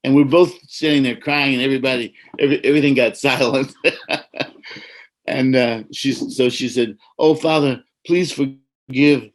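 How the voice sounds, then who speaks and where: A man from the United States, an Orthodox priest, telling a personal story in a gentle, reflective, preacherly way over a video call. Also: medium pitch, steady tone, moderate pace, rough recording.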